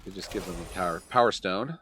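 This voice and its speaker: A man's voice: sits low, fast talker, fairly bright tone, a little hiss or hum. A man giving casual play-by-play commentary on a card game, muttering, sighing and laughing at the plays. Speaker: gameplay commentator.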